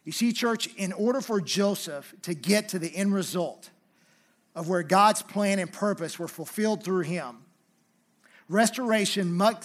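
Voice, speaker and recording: A man delivers a sermon, reading scripture aloud in a fairly high voice. He leans hard on key phrases, then drops into a softer, conversational tone to explain them. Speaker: pastor.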